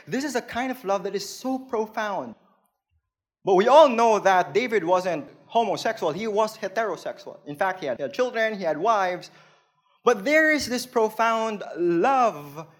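A man's voice: high-pitched, fairly bright tone. A man with a Filipino accent preaching a sermon, explaining things plainly and playfully, laughing at his own jokes.

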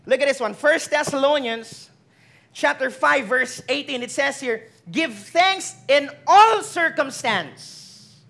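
A preacher with a Filipino accent speaks in a high, bright voice. The sermon is lively, with playful teasing of the listeners and easy switches between languages.

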